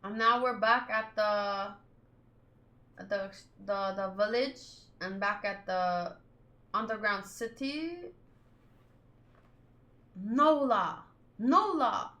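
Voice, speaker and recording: A woman's voice: medium pitch, slow pace, bright, forceful tone. A woman hosting a manga read-along, chatting casually and reacting aloud as she reads. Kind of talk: casual reading commentary.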